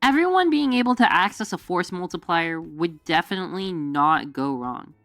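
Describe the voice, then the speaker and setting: A woman's voice: fairly low pitch, expressive, normal speed, a bit bright, no echo, faint music behind. A woman streamer in casual chat, rambling with many fillers and frequent laughs.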